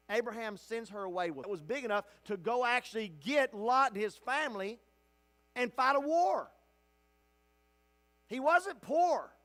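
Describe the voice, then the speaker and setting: A male pastor teaching an interactive bible study in a church, preaching with passion and rising into shouts at the high points. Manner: impassioned, bursts into shouting at peaks. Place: church sanctuary.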